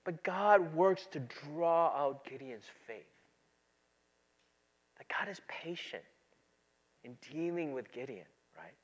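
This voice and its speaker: A man with a high voice preaches in a church, keeping it conversational and checking in with the congregation. He acts out quoted lines as he goes. The sound is a little dull and lo-fi. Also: lively intonation, slow pace, pauses often. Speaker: pastor. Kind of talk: sermon.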